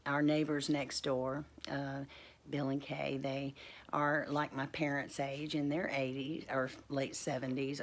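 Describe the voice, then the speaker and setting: A middle-aged woman talks in a casual vlog. Her voice sits low. She rambles warmly between thoughts, full of fillers, restarts and devout asides. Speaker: homestead vlogger.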